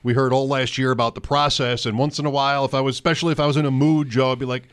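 A man hosting sports radio talk, conversational and joking with quick asides to his guest. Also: mid-range voice, level tone, smooth.

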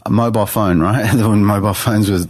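A man with a fairly low voice tells a personal story in a podcast interview. He speaks earnestly, often restarting his phrases. The sound is close and dry. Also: fairly even intonation, a little fast, a little mellow, slightly rough, dry recording. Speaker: guest artist.

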